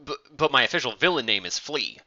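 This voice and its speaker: A man's voice: medium pitch, sing-song, quick pace, pushed and bright, pitched above the performer's own voice, full character voice. A man voicing a nervous, stammering young henchman who is eager to please, in a story reading on a dull lo-fi recording. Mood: flustered.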